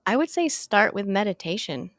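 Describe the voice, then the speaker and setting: A woman's voice: medium pitch, big pitch swings, moderate pace, no echo, clean studio sound. A woman guest in a casual podcast conversation, talking with enthusiasm and repeating phrases for emphasis.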